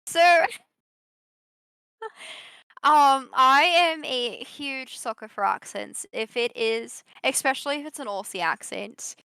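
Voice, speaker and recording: A woman's voice: sits high, slow pace, creaky, bright, forceful tone, clean tone, no room sound. Bubbly, swearing woman in dry close sound. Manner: bubbly, laughs often, swears freely, gushing. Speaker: podcast co-host. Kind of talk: casual live-stream podcast chat.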